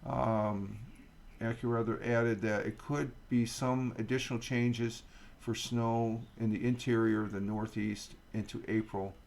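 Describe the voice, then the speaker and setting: A middle-aged man chats on a morning livestream, reading a news piece aloud and wandering off into asides. His voice is gravelly, pitched in a plain middle range, and he talks into a desk mic at home. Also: level tone, measured pace, darkish tone. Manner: rambling, reads news aloud with asides and fillers. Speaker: livestream host. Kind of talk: casual morning stream chat.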